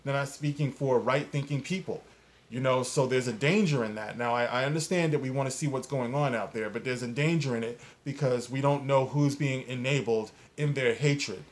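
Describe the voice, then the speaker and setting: An indignant man sounds off in casual, opinionated commentary. His voice sits at an ordinary mid pitch. He rambles, circles back to earlier points, and leans hard on the emphatic words. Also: moderate pace. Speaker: commentary video host.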